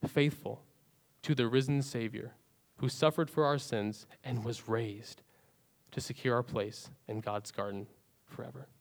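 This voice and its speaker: A man preaching a sermon as pastor, rising to loud emphatic peaks and falling to soft, near-whispered endings. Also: mid-range voice, fairly even intonation, a little slow, creaky.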